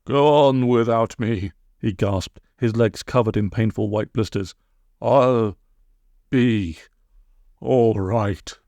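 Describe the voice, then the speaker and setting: A man's voice: lowish voice, fairly even intonation, darkish tone, no echo. A man doing a blustery old storybook hero. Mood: weary. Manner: blustery, slow, with silly exclamations. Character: old man Friday, brave and daft.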